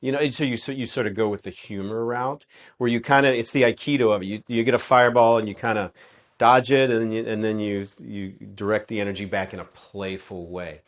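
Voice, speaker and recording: A man's voice: on the low side, fairly even intonation, a little fast. A man in an interview, talking casually and animatedly as a relationship coach, acting out quoted exchanges as he explains.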